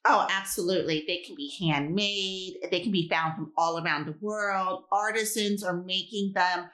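Lower-voiced new york woman, podcast cohost, enthusiastic chatty. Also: fairly even intonation, moderate pace, fairly bright tone. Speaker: podcast co-host. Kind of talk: casual chat.

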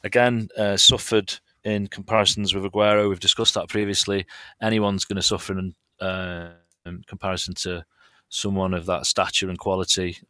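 A man's voice: low-pitched, little pitch movement, moderate pace, bright, forceful tone, clean tone, no room sound. A man with a Mancunian accent, an enthusiastic fan gushing about a player in casual podcast chat.

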